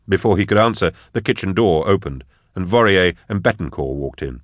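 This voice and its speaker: A man reading a novel aloud as an audiobook, narrating in a measured, quiet way. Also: a bass voice, animated, dry recording, studio quality.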